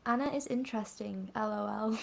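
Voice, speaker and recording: A woman's voice: mid-range voice, brisk, creaky, crowd noise. A woman co-hosting a casual live stream, wry and playfully dry. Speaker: co-host.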